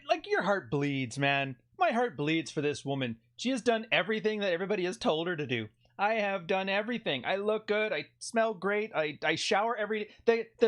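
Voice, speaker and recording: A man from Canada hosting a commentary video, sarcastic and jokey, quick to laugh. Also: sits high, a bit bright.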